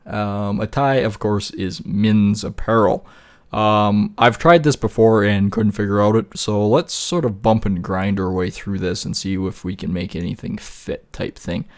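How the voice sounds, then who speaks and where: A man's voice: fairly low pitch, fairly even intonation, measured pace. A man talking casually through a screen-recorded tutorial, rambling, laughing often and swearing now and then. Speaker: YouTuber.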